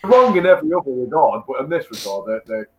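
A man chatting casually with friends. He is sarcastic and swears freely, and his voice sits at an ordinary middle pitch. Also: very animated, fast talker, faint music behind, poor audio. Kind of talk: casual chat.

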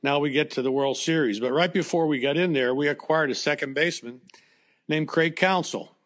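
An older man who once coached baseball gives an emotional account from his own life in a podcast interview, talking fairly quickly in a voice on the high side. He's plainspoken and conversational, with fillers and restarts along the way.

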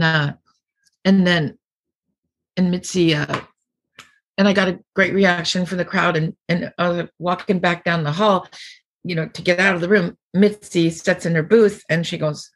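Speaking in a husky, lowish voice, a middle-aged comedian guest spins rambling stories during a casual interview, imitating the people she quotes along the way.

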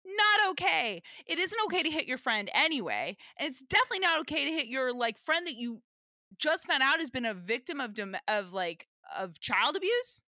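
A woman co-hosting a casual rewatch podcast, animated and exasperated, swearing casually as she chats. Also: high voice, brisk, no room sound, clean studio sound. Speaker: podcast co-host.

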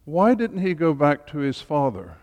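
A man's voice: on the high side, big pitch swings, moderate pace, darkish tone. A man leading a Bible study group, teaching in an informal, chatty way with humorous asides. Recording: long reverb in a hall.

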